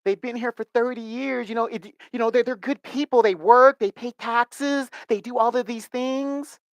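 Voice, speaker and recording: A man doing an earnest young woman in a put-on accent, voice pushed up high and pleading, insisting her folks are good people, close and dry with no room sound. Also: steady tone, moderate pace, no echo.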